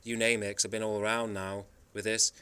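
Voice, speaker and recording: A man's voice: lowish voice, flat delivery, a little fast, bright, forceful tone, clean tone. A man from the Isle of Man telling travel stories in a rambling, emphatic monologue. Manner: rambling, emphatic storytelling with frequent restarts. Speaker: travel vlogger. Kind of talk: casual monologue.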